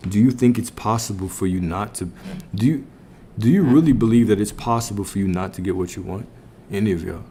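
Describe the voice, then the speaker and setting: A man's voice: fairly low pitch, a little fast, hardly any pauses, mellow, slight background noise. A man giving a casual spiritual teaching on a livestream, reflective, repeating phrases and asking his listeners questions. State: a little out of breath. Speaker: spiritual coach streaming to viewers.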